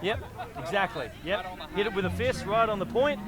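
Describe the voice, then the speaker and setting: A man, loudly and bossily coaching footy in comedic banter outdoors. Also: high-pitched, animated, normal speed, a loud crowd. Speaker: host teaching Aussie rules football.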